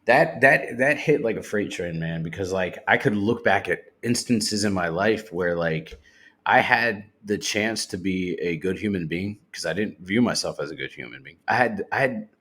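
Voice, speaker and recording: A man's voice: low-pitched, normal speed, fairly bright tone. A man recounting his recovery story to a podcast host, speaking candidly and swearing freely as he quotes what people said. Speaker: podcast guest. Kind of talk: personal recovery testimony.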